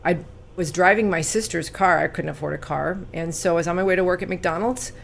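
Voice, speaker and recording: A woman in her sixties from California, telling her life story as an interview guest, earnest and animated when recounting, quiet at painful moments. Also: fairly low pitch, fairly quick, vocal fry, slight background noise.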